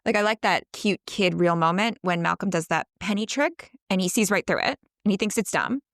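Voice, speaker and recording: A woman's voice: mid-range voice, fairly quick, a bit bright, no echo, clean studio sound. A woman co-hosting a podcast, chatting enthusiastically about a film, analyzing it and laughing often. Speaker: podcast co-host. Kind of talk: casual movie discussion.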